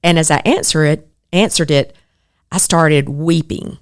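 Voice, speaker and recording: A woman's voice: low voice, measured pace. A middle-aged woman hosts a podcast, talking in an earnest, reflective way. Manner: earnest, reflective, animated when quoting others. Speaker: podcast host. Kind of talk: personal podcast monologue.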